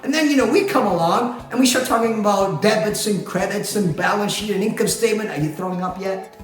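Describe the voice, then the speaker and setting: A man's voice: high-pitched, a little fast. A man, a company president, explaining things in a chatty way, asking rhetorical questions and often laughing. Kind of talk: explainer talk to camera. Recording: very echoey room with faint music.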